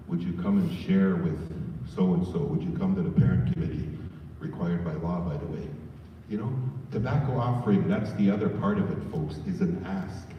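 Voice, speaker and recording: A man's voice: on the low side, a little hiss or hum. Guy presenting to staff in a big echoey room, folksy, sounds far off and a bit muffled. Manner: folksy, addresses the audience as folks. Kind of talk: staff training talk. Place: large room full of staff. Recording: roomy hall, far mic, dull.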